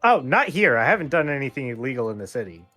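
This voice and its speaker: A man playing a tabletop game, talking in an animated, sweary way. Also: medium pitch, fast, faint music behind. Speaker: player. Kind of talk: in-character tabletop play.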